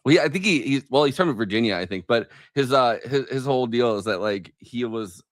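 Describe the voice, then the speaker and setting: A man's voice: medium pitch, lively intonation, brisk, no room sound. A man co-hosting a podcast, chatting casually about politics, rambling with fillers and restarts. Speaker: podcast co-host.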